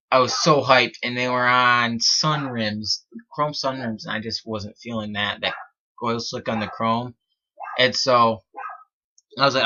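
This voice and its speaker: Young male vlogger, bright voice, casual rambling storyteller, dull lo-fi recording. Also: mid-range voice. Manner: rambling, restarts sentences, quotes friends. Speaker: BMX rider vlogger. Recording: dull lo-fi sound.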